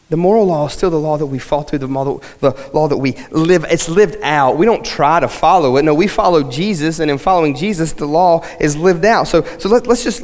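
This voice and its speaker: A man's voice: fairly high pitch, a little mellow. Man preaching in a reverberant sanctuary. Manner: conversational, building to emphatic. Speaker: pastor. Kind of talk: sermon. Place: church sanctuary. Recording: long hall reverb.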